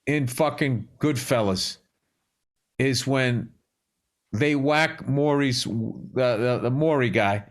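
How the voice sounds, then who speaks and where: A man's voice: mid-range voice, takes it slowly. A man in his fifties with a Boston accent, co-hosting a casual podcast chat with blunt, profane, dry humor. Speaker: podcast co-host.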